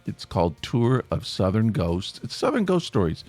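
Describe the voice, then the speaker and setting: Podcast host, male, East Tennessee Appalachian accent, low-pitched, chatty and rambling, dry close sound. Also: wildly swooping pitch, moderate pace, darkish tone, dry recording, soft background music. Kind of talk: casual podcast monologue.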